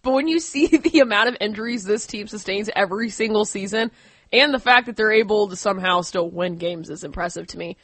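A woman's voice: mid-range voice, a little fast, fairly bright tone, no echo. A woman co-hosting a sports radio show, chatting in an emphatic, exclaiming way. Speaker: radio co-host. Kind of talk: casual sports talk.

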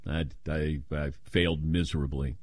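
An older man hosts a talk radio show in a rumbling low voice at normal speed, recorded in a clean studio with no echo. He chats casually and tells stories with animation, putting on playful voices when he quotes people.

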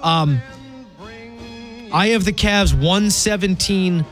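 A male sports radio host with a high voice who talks in lively, exasperated bursts. Faint music runs underneath. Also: takes it slowly. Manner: animated, exasperated banter.

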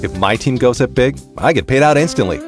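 A man's voice: mid-range voice, animated, fairly quick. A man reading a scripted ad in a smug, punchy delivery. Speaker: ad narrator. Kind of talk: scripted ad read. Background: music.

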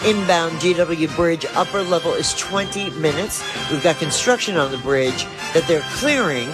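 A woman giving a radio traffic report, briskly rattling off road conditions from a traffic center studio. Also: sits low, loud music behind the voice.

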